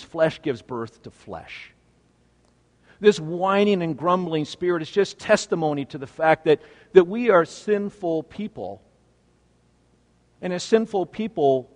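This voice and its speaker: A man preaching a sermon as pastor, swinging between loud, emphatic phrases and hushed, low ones. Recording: long reverb of a large hall.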